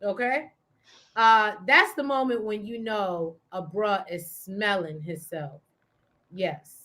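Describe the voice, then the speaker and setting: A woman's voice: medium pitch, slow, bright, forceful tone. A woman co-hosting a casual TV recap show, reading viewer comments aloud and laughing as she talks.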